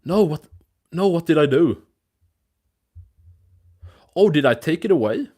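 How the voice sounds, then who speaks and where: A man's voice: fairly high pitch, lively intonation, a little slow, darkish tone. A man hosting a live MMA news stream, talking casually in a loose, rambling, profane way. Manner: rambling, loose and profane, with frequent restarts and fillers.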